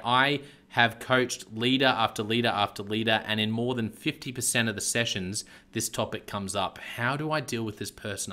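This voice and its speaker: A man's voice: mid-range voice, sharp tone. An Australian man hosting a leadership podcast, chatty and laughing often as he chats with a guest. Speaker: podcast host. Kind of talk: casual podcast interview.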